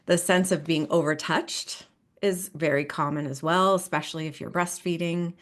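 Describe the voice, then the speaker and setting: A woman in her thirties speaks in a low, chatty voice as a couples therapist on a podcast. She laughs easily and keeps checking in with "right?" and "you know". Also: steady tone, moderate pace. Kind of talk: podcast interview.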